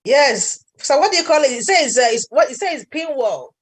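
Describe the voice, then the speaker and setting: A woman's voice: sits high, expressive, fairly quick. A woman student with a non-native English accent asking a hesitant question in class. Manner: hesitant, unsure.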